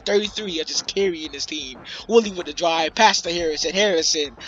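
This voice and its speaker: A young man giving casual, excitable play-by-play commentary on a basketball game, swearing and trash-talking the players. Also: on the high side, a little fast, few pauses. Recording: slightly muffled lo-fi audio, faint background noise.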